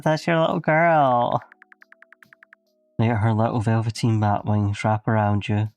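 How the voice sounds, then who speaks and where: Man voicing a doting theatrical friend, lower voice, grand and affectionate, visual novel, dry. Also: steady tone, measured pace, darkish tone, smooth, no room sound, faint music behind. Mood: soothing. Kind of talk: reading a visual novel aloud.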